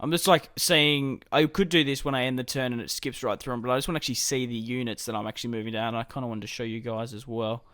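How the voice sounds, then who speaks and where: A man's voice: medium pitch, steady tone, fast, few pauses, a bit bright, no room sound, studio quality. A man casually commenting on his strategy game as he plays, thinking aloud about his moves. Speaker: gaming YouTuber.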